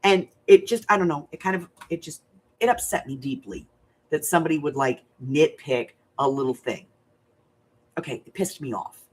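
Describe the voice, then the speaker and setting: A woman's voice: low-pitched, moderate pace, husky. An older woman, a grandmother hosting a crafting live stream, talking bluntly and rambling straight to her viewers. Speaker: crafting channel host. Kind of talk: casual livestream chat.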